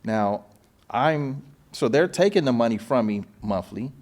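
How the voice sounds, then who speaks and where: Recounting his story on his podcast, this forties-aged host speaks a little slowly at medium pitch. He's casual and animated, swearing and voicing both sides of phone calls.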